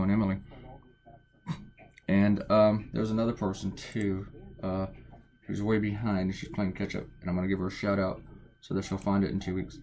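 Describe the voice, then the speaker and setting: Lowish-voiced man rambling while drawing. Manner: chatty, meandering, self-deprecating, lots of fillers; quiet to avoid waking people. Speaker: cartoonist narrating his drawing. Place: at home, drawing early in the morning.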